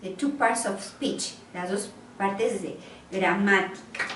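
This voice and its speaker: Slow, patient teacher. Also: female voice, mid-range voice, a bit bright, a little hiss or hum. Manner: slow, patient, repeats and translates each phrase. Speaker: English teacher. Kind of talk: online class instruction. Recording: roomy, distant recording.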